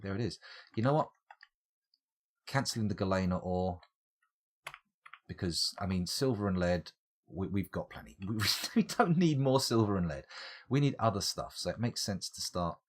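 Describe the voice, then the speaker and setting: A man, chatting and joking casually while streaming a game. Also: on the low side. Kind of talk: casual let's-play commentary.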